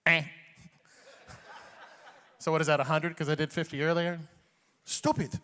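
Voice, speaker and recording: Animated high-voiced stand-up comedian, man. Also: moderate pace, clean tone. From Iran. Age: 40s. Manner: animated, chuckles at own jokes. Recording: long hall reverb on stage.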